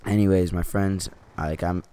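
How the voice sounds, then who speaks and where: A man's voice: low voice, steady tone, normal speed, dark tone. A teenage boy at home telling a story in a casual, rambling way, saying "like" a lot and swearing. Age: teens. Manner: rambling, heavy use of "like", swears. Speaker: vlogger.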